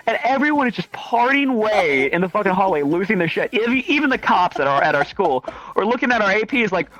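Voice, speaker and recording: A man's voice: sits high, moderate pace, few pauses, muffled recording. A young man, a streamer, telling stories in casual chat, swearing a lot and acting out quotes. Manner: animated, swearing, acts out quotes.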